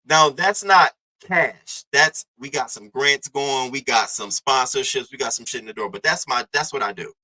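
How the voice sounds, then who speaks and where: A man's voice: medium pitch, normal speed, few pauses, pushed and bright, rough recording. A young man hosting a casual live-stream commentary, talking loose and profane in slang and greeting chatters by name.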